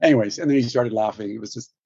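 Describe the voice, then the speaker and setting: A man, a guest actor, telling stories in an interview, animated and laughing, with many restarts. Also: medium pitch, very fast, husky, no room sound, dull audio. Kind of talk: storytelling interview.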